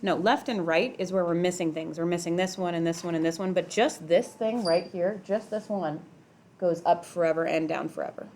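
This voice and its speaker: A middle-aged woman with a somewhat low voice teaches math to a class. She talks casually and keeps asking her students questions. She is recorded in a classroom. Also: steady tone, normal speed, darkish tone, a little hiss or hum. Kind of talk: classroom lecture.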